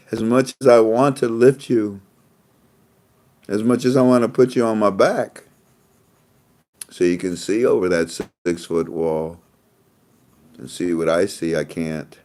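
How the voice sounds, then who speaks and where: A man's voice: fairly low pitch, darkish tone. Rambling, chuckling man talking casually. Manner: rambling, repeats phrases, laughs often. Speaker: host. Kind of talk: casual monologue.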